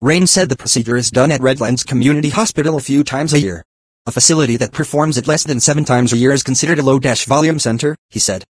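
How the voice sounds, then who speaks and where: A computer-generated male voice reading text aloud in an even, mechanical way, speaking symbols and punctuation as words. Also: mid-range voice, quick pace, breathy edge, no room sound. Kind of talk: synthetic text-to-speech reading.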